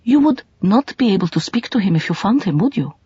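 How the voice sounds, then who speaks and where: A woman's voice: mid-range voice, very animated, brisk, dark tone, husky, no room sound, muffled recording, pitched above the performer's own voice. Woman doing a grave, clever young girl. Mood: earnest.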